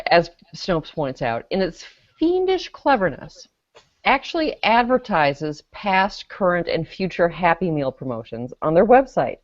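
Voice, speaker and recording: A woman's voice: fairly low pitch, dry recording. A woman on a casual web panel show, presenting a news story with dry sarcasm as she reads comments aloud. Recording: dry, dull lo-fi video call audio.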